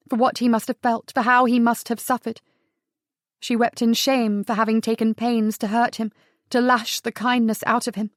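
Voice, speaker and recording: Woman audiobook narrator, slightly high voice, intimate and even. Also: dry recording, studio quality. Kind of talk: scripted narration.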